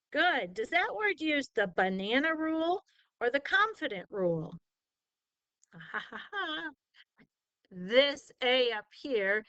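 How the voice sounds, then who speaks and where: Here a woman with a fairly high, pushed, bright voice works through spelling with a student, sounding words out syllable by syllable and offering praise. It's a slow, patient tutoring session, recorded dry with dull audio.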